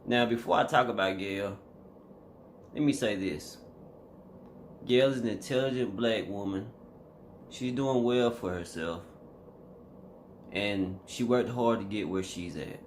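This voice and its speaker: A man's voice: on the low side, unhurried, pauses often, slight background noise. A man vlogging a casual reaction commentary, emphatic and slangy, talking straight to his viewers.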